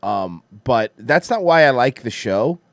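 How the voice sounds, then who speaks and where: A man's voice: mid-range voice, animated, measured pace, no room sound. A man co-hosting a podcast in casual chat, rambling, swearing freely and laughing often. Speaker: podcast co-host.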